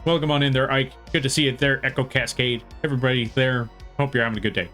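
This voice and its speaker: A man's voice: medium pitch, fairly even intonation, quick pace, hardly any pauses, fairly bright tone, faint music behind. A man from the western United States with a slight Southern-tinged American accent, chatting casually on a live art stream and greeting viewers by name. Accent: American with a slight Southern twang. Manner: friendly, rambling, greets chat by name.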